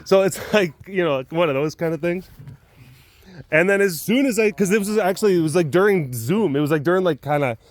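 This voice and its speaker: Chuckling rambling man, slightly high. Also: expressive, brisk. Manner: rambling, chuckling, many fillers. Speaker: big cat keeper. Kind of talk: casual storytelling vlog.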